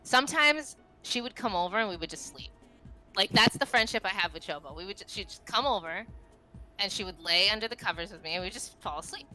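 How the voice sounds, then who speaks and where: A woman in her thirties, a podcast guest telling stories in a rambling, animated way full of fillers. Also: mid-range voice, a little fast, soft background music, rough recording. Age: 30s. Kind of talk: casual podcast chat.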